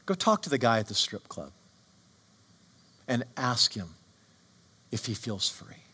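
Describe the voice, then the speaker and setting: Guy preaching a sermon, really animated pitch, bright forceful tone, keeps asking the crowd questions. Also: measured pace, slightly rough. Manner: emphatic preaching, rhetorical questions. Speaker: pastor.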